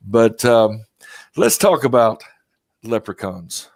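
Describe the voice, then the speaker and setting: A man's voice: mid-range voice, big pitch swings, takes it slowly, no room sound, clean studio sound. A man hosting a podcast, talking casually with lots of fillers and self-deprecating asides. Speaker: podcast host.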